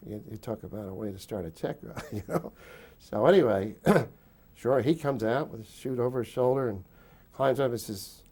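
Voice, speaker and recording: A man's voice: medium pitch, moderate pace, mellow, breathy edge. An older man in an interview, recounting wartime memories as a rambling storyteller who chuckles often between fillers.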